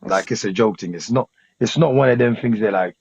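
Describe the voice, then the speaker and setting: A man's voice: lowish voice, a little fast, vocal fry, darkish tone, husky, no room sound. A man hosting a casual podcast debate, rambling and repeating phrases, often asking "you know what I'm saying", in a dull lo-fi recording. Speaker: podcast host.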